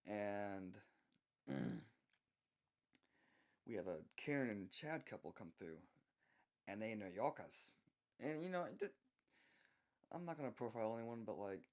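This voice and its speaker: A young man from the American South telling an unscripted work story, speaking softly with many halting restarts. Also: lowish voice, big pitch swings.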